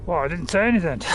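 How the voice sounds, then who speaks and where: A man's voice: sits high, a little hiss or hum. A man giving casual, rambling gameplay commentary while playing in virtual reality, joking with viewers and laughing at himself. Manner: chatty and playful, rambling with fillers and self-mocking laughs. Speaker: game streamer.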